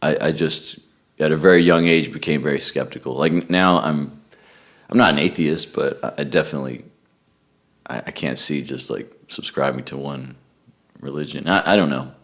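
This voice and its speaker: A man being interviewed, talking in a relaxed, rambling way and often restarting with repeated words. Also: a bass voice, normal speed. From United States. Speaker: guest musician. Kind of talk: casual interview chat.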